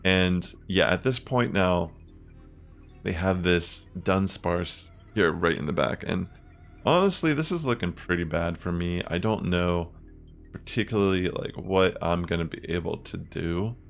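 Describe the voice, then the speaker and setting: A young man casually commenting on his own online game matches, chatty and relaxed, thinking aloud with fillers. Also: deep voice, measured pace, gravelly, faint music behind. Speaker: gaming content creator.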